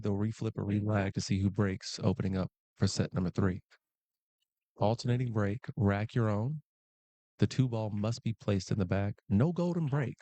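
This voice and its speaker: A man's voice: on the low side, dark tone. A man doing live pool commentary in a pool hall, chatty and playful, with jokey asides to the viewers.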